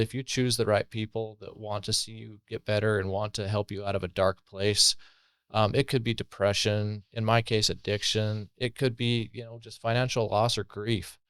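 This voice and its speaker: A low-voiced man tells his recovery story on a podcast, earnest and thoughtful, often pausing on fillers. The sound is dry and close, with no room echo. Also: clean tone. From Colorado, USA. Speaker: podcast guest. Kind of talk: personal recovery story, conversational.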